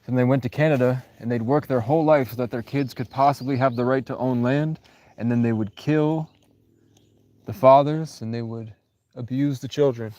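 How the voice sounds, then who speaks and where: A man chats on a livestream from somewhere outdoors in the countryside. He rambles from one thought to the next and answers his viewers' comments as they come in. His voice sits at an ordinary middle pitch. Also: moderate pace, mellow. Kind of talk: casual livestream chat. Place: outdoors in rural Vermont.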